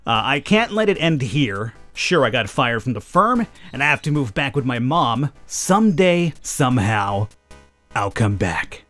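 A man voicing a defiant young woman in a game in his own lower voice, sarcastic and dry. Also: very animated, a little slow, a bit bright, faint music behind. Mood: determined.

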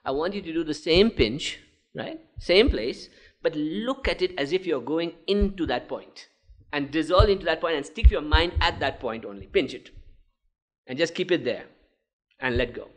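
Spiritual teacher, male, a bit high-pitched, animated delivery with laughs and playful acted-out voices. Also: normal speed. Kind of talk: talk with Q&A.

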